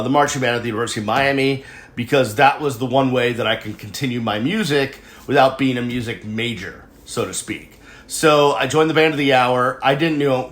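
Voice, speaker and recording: A man's voice: medium pitch, a bit bright, reverberant. A man in his forties from New England, hosting his show and telling a long personal story in a digressive, conversational way with self-deprecating asides. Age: 40s. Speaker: show host. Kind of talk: casual storytelling monologue.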